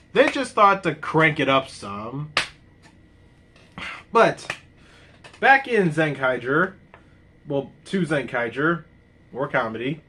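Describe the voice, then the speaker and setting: Casting note: man, reviewer, rambling casual talk, lively and unhurried delivery. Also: fairly high pitch. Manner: rambling, laughs often, exclaims loudly.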